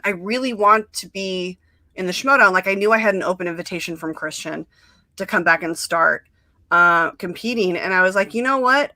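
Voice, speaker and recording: A woman's voice: on the low side, pushed and bright, dry recording. A young adult woman hosting a podcast, chatting casually with lots of fillers and quoted asides. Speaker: podcast host. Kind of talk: casual chat.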